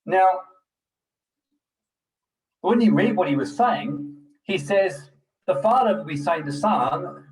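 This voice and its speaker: A man's voice: high voice, lively intonation, slow pace, pauses often, husky, rough recording. A middle-aged man giving a blunt, preachy motivational talk to a group, swearing freely as he goes. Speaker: personal development speaker.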